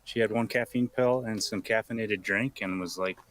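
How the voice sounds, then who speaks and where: A man's voice: lowish voice, fairly even intonation, moderate pace, fairly bright tone. A man on a runner's crew, recounting the race matter-of-factly in a casual outdoor interview. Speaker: crew member pacing a runner.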